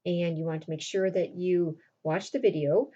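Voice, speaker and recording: Woman teacher retelling a play, dark voice. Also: steady tone, moderate pace, highs cut off. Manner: acts out characters' lines with raised pitch. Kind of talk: retelling a play's plot for a class.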